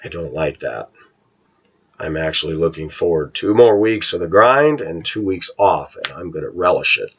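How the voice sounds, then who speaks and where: A middle-aged American man talks straight to the camera in a husky, fairly low voice, scornful and opinionated. The sound is a little dull and lo-fi. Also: lively intonation, moderate pace, fairly bright tone. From United States. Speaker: vlogger. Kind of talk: casual ranting monologue.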